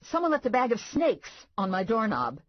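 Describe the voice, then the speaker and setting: A woman voicing a rattled young female bounty hunter, shrill and jumpy, in an audiobook. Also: wildly swooping pitch, normal speed, no echo, highs cut off.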